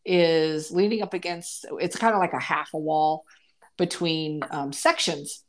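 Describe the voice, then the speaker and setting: A woman co-host telling a casual story on a podcast in an animated, emphatic way. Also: deep voice, measured pace.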